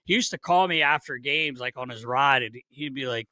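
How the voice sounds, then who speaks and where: A man telling stories on a podcast, animated and swearing, laughing often as he talks. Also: medium pitch, moderate pace, dry recording. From Philadelphia. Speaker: podcast co-host, former player. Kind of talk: casual storytelling chat.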